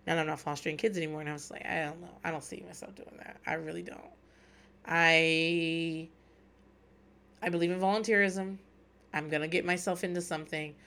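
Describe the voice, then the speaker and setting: A woman in her thirties hosts a podcast, recapping a show in casual, candid chat full of swearing and wry humor. Her low voice is steady, brisk, gravelly, and fairly bright.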